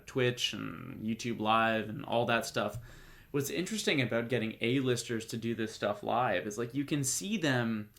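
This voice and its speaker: A man at an ordinary mid pitch hosts a podcast solo, rambling through news with a joking, offhand tone. He talks loosely, with plenty of fillers, false starts and quick asides. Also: fairly bright tone. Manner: rambling, jokey, many fillers and restarts. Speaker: podcast host. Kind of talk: casual solo commentary.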